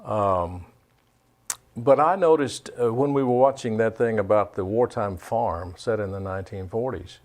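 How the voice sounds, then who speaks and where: A man's voice: lowish voice, darkish tone. A man, a guest on a studio talk show, explaining things emphatically and repeating his key points. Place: recording studio.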